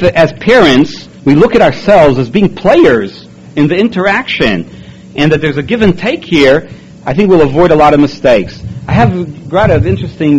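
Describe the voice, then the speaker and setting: A man's voice: fairly high pitch, a little mellow, dull audio, a little hiss or hum. Man telling anecdotes in a conference talk. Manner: conversational, storytelling, acts out quotes. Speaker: therapist speaking at a conference. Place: conference hall.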